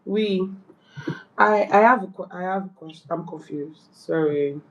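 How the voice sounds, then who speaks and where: A woman reading lesson notes aloud at a slow, deliberate pace. She stops to correct herself and apologizes when she gets confused. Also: on the low side, lo-fi sound. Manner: slow, careful, hesitant, apologetic. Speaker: beginner learner, channel host.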